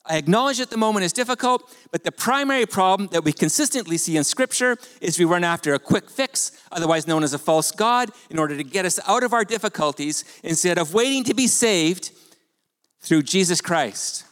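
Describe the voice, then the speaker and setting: Male pastor, sermon, fairly high voice, lively and animated delivery, rhetorical questions, long hall reverb. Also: fairly quick.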